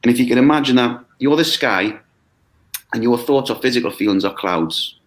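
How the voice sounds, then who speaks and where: A man who runs a mindfulness course talks in a lively, conversational way, acting out quoted voices and checking in with "okay?". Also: medium pitch, moderate pace. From United Kingdom. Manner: animated, acts out quoted voices, frequent "okay?". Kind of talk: conversational explanation. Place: video call.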